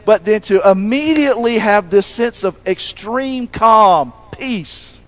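A man preaching a sermon, telling a story with animated delivery, acting out quoted lines and swinging between loud emphasis and hushed moments. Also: sits high, a little slow, poor audio. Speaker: pastor.

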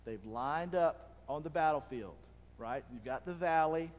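Animated man preaching in a hall. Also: fairly high pitch, unhurried. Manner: animated, acts out crowd shouts. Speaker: pastor. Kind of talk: sermon. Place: church hall. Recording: long reverb of a hall.

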